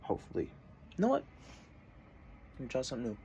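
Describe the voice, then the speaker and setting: Young male vlogger, casual and meandering, average pitch, slight background noise. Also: fast, creaky. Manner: meandering, self-interrupting, relaxed. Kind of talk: casual rambling vlog. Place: at his desk indoors.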